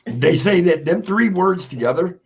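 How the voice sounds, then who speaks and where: Guy running a voice chat, teasing and laughing, kinda high voice, muffled audio. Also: animated, normal speed, slight background noise. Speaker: chat room host. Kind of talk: casual banter.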